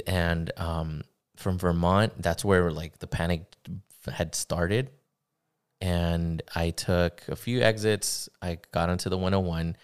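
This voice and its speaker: Low-voiced young man telling a story. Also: level tone. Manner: halting, many fillers and restarts. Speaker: podcast guest. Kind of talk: casual conversation, personal story.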